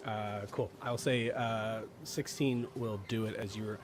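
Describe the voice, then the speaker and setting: A man's voice: on the low side, steady tone, measured pace, background noise. A man narrating as game master, hesitant and full of fillers.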